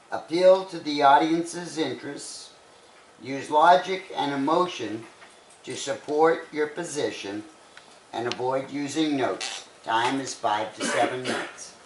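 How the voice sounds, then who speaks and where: A man acting as speech evaluator, hesitantly reading out speech objectives. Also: a little high. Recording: echoey room, far mic, faint noise.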